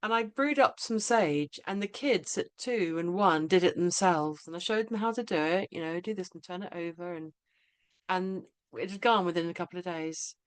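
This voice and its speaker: A woman's voice: fairly low pitch, moderate pace, clear, resonant tone, no echo. A middle-aged woman, hosting a podcast and telling rambling stories in casual chat. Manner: chatty, rambling anecdotes. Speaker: podcast host.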